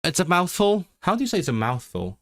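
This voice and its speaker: A man hosting a livestream, chatting casually and haltingly, often restarting and switching between languages. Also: high voice, huge pitch swings, fairly bright tone, no room sound, studio quality. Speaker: livestream host. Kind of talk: casual chat, mixing Welsh and English.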